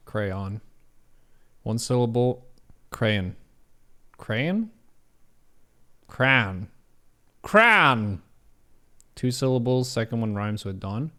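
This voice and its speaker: A man on a live stream, reading out quiz questions and weighing each answer as he goes. His pitch sits in the middle and his talk is easy and unhurried. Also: a little mellow. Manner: reads quiz questions aloud and muses over answers. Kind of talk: casual livestream commentary.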